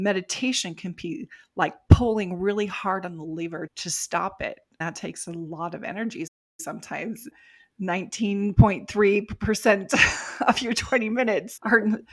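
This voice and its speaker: A woman's voice: mid-range voice, steady tone, unhurried. A middle-aged woman, a life coach guest on a podcast, talking reflectively and laughing lightly as she explains. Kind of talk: casual podcast interview.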